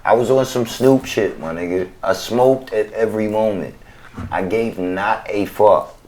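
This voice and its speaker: A man in a casual chat telling animated, profane stories in heavy slang. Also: fairly low pitch, measured pace, a little hiss or hum. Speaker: guest rapper.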